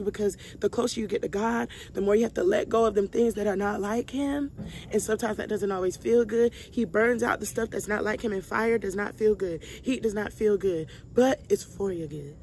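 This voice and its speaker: Preaching casually to viewers she addresses as y'all, a young woman vlogger runs a Bible study with heartfelt emphasis, repeating lines to drive them home. Her medium-pitched voice is steady, fairly quick and a little mellow, with a slight hiss or hum.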